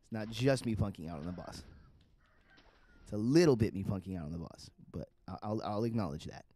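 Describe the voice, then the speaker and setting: Chatty streamer, low voice, swears freely while playing. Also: male voice, animated, brisk, mellow. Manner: profane, chatty, talks to himself and the game. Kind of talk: live gameplay commentary.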